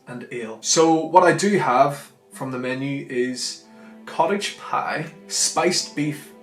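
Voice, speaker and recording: A young man with a Northern Irish accent, chatting enthusiastically in a casual food vlog and dropping into softer asides. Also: medium pitch. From Northern Ireland. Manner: chatty, enthusiastic, drifts between loud and soft asides. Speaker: vlogger. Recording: echoey room with faint music.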